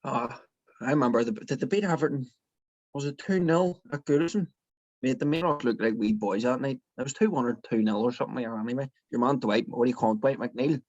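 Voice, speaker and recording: A man's voice: mid-range voice, fast, darkish tone, no room sound. A man with a Northern Irish accent, a podcast guest chatting casually and telling stories with frequent laughs. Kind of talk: casual chat. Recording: dull, lo-fi mic.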